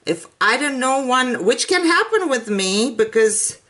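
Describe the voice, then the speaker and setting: Lady crafter chatting slow, english not her first language, giggles a lot. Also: high voice, sing-song, pushed and bright. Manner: chatty and self-deprecating, laughs often. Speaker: craft channel host. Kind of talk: casual crafting tutorial chat.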